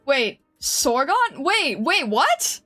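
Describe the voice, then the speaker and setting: Woman game streamer, high and unhurried, flustered and laughing as she answers chat. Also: sing-song, bright, forceful tone, soft background music. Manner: giggly, flustered, reads viewer comments aloud. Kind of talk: casual live-stream chat with viewers.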